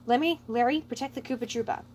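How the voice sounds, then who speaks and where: Lady reading as a chill diplomatic turtle leader kid, steady and in charge, a bit high. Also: quick pace, a little hiss or hum, lightly acted. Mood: calm. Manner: placid and authoritative. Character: calm, diplomatic young male turtle leader.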